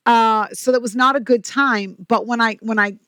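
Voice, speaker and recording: A woman guest on a podcast, telling stories in an energetic, chatty way with quick asides. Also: a little high, dry recording, studio quality. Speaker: podcast guest, company president. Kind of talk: casual interview talk.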